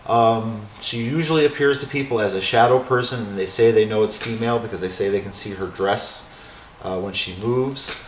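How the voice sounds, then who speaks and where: A man's voice: fairly low pitch, normal speed, slight background noise. A man who owns an old school building, answering interview questions in a rambling, casual way with lots of fillers. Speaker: owner of a haunted former school. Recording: roomy echo with faint music.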